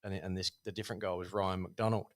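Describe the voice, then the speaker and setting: A man, a guest telling a casual, animated story about his boxing past with many fillers. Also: low voice, quick pace. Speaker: podcast guest, former Thai boxer.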